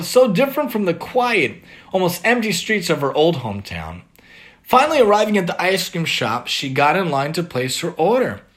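Lively, high-voiced man teaching a moral lesson. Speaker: religious teacher. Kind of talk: moral lesson and story reading.

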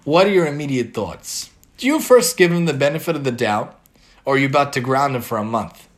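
A man's voice: medium pitch, expressive, brisk. A man earnestly giving a religious moral lesson and reading a story aloud. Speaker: religious teacher.

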